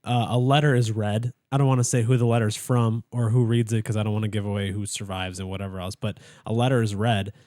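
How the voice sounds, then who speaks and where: A man's voice: fairly low pitch, steady tone, fast talker, few pauses, mellow, no room sound. A young man co-hosting a podcast in a studio, telling a long story in casual chat, full of fillers and restarts. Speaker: podcast co-host.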